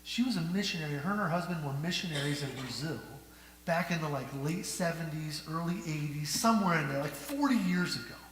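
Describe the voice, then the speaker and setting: A male pastor preaching a sermon, asking the congregation rhetorical questions and moving between hushed and loud delivery. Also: a little high, fairly quick. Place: church sanctuary. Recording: echoey church hall with faint hum.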